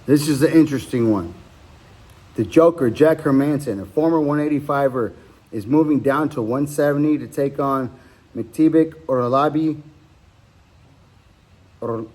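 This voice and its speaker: A man hosts his own podcast and talks through betting picks alone in a loose, casual way. He rambles, stops to correct himself and fills the gaps with ums and uhs. His voice sits at a middle pitch for a man. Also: a little mellow. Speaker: podcast host giving fight picks. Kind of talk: casual solo betting breakdown.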